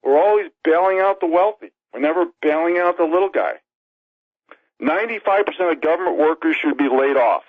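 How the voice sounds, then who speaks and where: A man's voice: fairly high pitch, no echo. Winded man in his sixties from New York City, phoning in a fervent political speech; dry, lo-fi phone sound. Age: 60s. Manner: emphatic, rapid-fire list of demands. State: out of breath. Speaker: radio show guest, author. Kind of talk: impassioned political call-in monologue. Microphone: phone call. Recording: tinny phone line.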